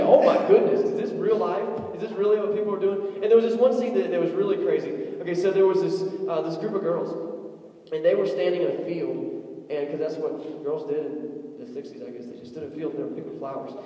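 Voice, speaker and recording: A young adult man preaching an animated sermon in a church, telling stories and acting out voices with humor. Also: a little high, brisk, dull audio. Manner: animated storytelling with acted-out quotes and jokes. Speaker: pastor. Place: church sanctuary. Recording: echoey hall, voice from far off.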